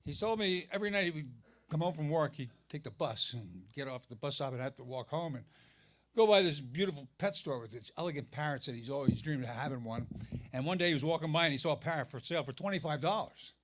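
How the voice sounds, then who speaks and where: Guy doing standup, rambly storyteller, bit of a high voice. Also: quick pace. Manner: rambling, self-interrupting storyteller. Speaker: stand-up comic. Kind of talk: stand-up comedy set. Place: live comedy venue.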